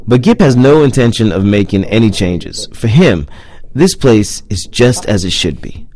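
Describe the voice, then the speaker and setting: Guy narrating a doc, lowish voice, lively, kinda wry. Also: moderate pace. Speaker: host and narrator. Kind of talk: scripted documentary narration.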